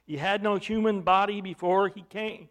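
A man's voice: high voice, fairly even intonation, normal speed, a bit bright. A man preaching a sermon, teaching from scripture in an emphatic way, with bursts of volume.

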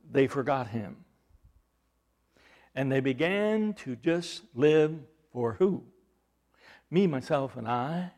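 A man preaching a sermon, asking the congregation rhetorical questions and swinging from loud emphasis to hushed, low delivery. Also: animated, takes it slowly, pauses often. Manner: repeats words and restarts, rhetorical questions. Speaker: pastor.

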